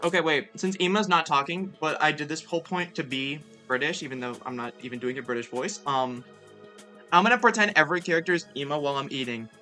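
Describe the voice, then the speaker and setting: A woman's voice: sits low, quick pace, pushed and bright, soft background music. A young woman streaming a game, chatty and self-mocking, swearing casually between lines.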